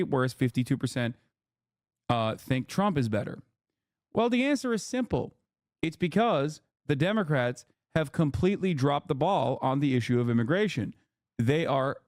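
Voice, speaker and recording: A man streaming from his living room, giving political commentary in an animated, exasperated rant with blunt slang. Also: mid-range voice, dry recording, studio quality. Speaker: Twitch streamer.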